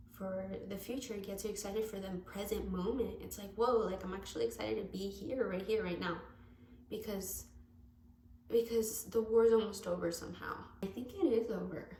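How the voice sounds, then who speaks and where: A woman's voice: mid-range voice, gravelly, a little mellow. A woman giving a casual tarot reading to camera, rambling and correcting herself as she goes, speaking with open affection. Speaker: tarot reader. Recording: echoey room with faint background noise.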